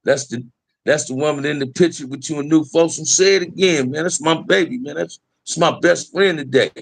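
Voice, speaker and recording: Here a middle-aged man from around Los Angeles uses a gravelly, slightly high voice at a brisk clip. He's casually recounting profane stories from his life, streetwise in tone and peppered with "man" directed at the listener.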